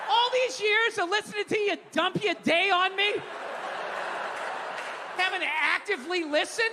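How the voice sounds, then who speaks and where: A man in his fifties doing stand-up, his voice pitched very high as he rants with a profane, chatty delivery and punches lines out in shouts. The sound is a live stage mic with a long reverb tail in the venue. Audience laughter and room noise sit clearly behind him. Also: moderate pace. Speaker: stand-up comedian. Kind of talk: stand-up comedy rant.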